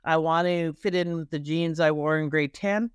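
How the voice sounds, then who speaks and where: A middle-aged Canadian woman with a deep voice and a Canadian accent speaks emphatically as a marketing coach in a podcast interview, restarting and repeating herself. Her intonation stays fairly even at a moderate pace, and the clean tone comes through with clean studio sound and no room sound.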